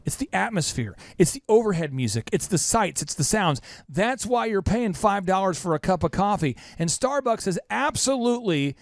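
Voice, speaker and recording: Emphatic, lively-pitched male podcast host. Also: moderate pace, few pauses, dry recording, clean studio sound. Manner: emphatic, repeats lines for punch. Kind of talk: energetic business podcast talk.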